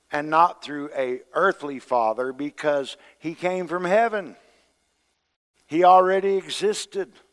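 Preacher, male, slightly high voice, conversational sermon delivery with acted-out quotes, long hall reverb. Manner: conversational preaching, acting out quoted voices, swings between loud and soft.

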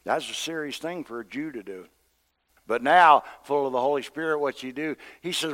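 A male pastor delivers a sermon in a relaxed, conversational storytelling style, slipping into the voices of the people he quotes. His voice sits a little higher than most men's. The long echo of a large church hall hangs behind every phrase. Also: moderate pace. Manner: conversational storytelling preacher who acts out quotes.

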